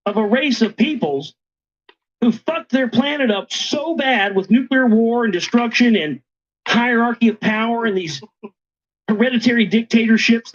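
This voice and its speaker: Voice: mid-range voice, dull audio. A speaker delivering an insistent, preachy monologue, hammering the same phrases again and again. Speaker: conspiracy lecturer. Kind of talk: ranting monologue.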